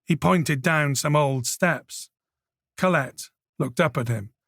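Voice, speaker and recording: A man reading a crime thriller audiobook with measured, scripted narration. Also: fairly high pitch, creaky, fairly bright tone, no room sound, studio quality. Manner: measured storytelling.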